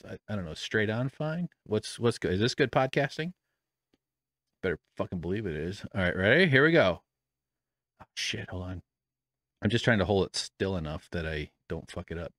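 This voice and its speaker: A man's voice: low-pitched, big pitch swings, brisk, a bit bright, dry recording, clean studio sound. Rambling, self-mocking male podcast host. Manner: rambling, self-deprecating, swears freely. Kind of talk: casual rambling chat. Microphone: studio microphone with headphones.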